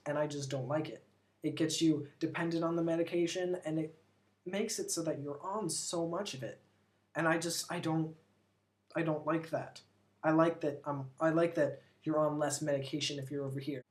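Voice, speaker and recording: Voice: medium pitch, steady tone, normal speed. Chatty American vlogger, rambling. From United States. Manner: chatty, rambling, full of "like", opinionated. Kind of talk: casual vlog rambling. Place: lives abroad in Britain.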